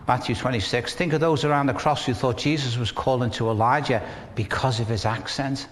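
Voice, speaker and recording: Northern English pastor preaching in a hall. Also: male voice, mid-range voice, steady tone, a little fast, a little hiss or hum. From northern England. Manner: conversational, with rhetorical questions and humor. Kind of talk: sermon.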